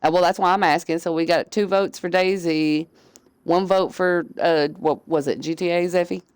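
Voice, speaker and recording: Low-voiced drawling woman streamer. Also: steady tone, moderate pace, clean tone, dry recording. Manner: laid-back, drawling, many fillers. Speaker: streamer and crew leader. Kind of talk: casual live-stream chat.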